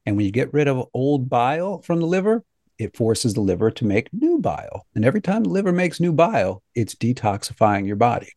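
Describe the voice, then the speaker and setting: A man hosting a health talk show, telling a funny story in a joking, animated way. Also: medium pitch, a little fast, no room sound, clean studio sound. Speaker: host.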